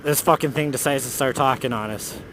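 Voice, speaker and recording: A man telling a ghost story in a loose, profane, animated way while riding a motorcycle outdoors. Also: medium pitch, brisk, a little hiss or hum. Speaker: motovlogger. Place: outdoors on a motorcycle on city roads.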